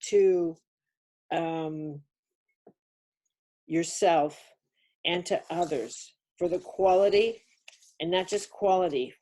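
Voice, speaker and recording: Older woman, spiritual lecturer, insistent and repetitive, low husky voice. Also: warm tone. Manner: emphatic, insistent, repeats key words. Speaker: speaker on a webinar. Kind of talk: spiritual teaching talk.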